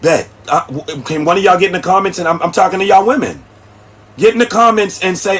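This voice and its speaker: A man's voice: high voice, brisk, fairly bright tone. A man, hosting a livestream and preaching bluntly at his chat. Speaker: livestream host. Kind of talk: ranting livestream commentary. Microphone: streaming setup mic.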